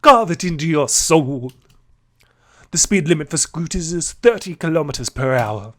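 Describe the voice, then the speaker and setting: A man voicing an intimidating, stern female sparrow in a game let's play, talking gruffly and solemnly. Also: on the high side, expressive, brisk.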